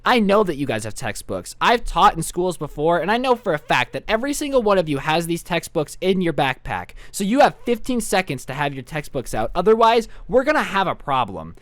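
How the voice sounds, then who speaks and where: A huffy middle-aged substitute teacher scolds and lectures her class in a lowered, put-upon voice, as a young man acts her out. The sound is dry and close, and her pitch swings widely as she fumes. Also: big pitch swings, a little fast, hardly any pauses, a bit bright, no room sound. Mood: scolding.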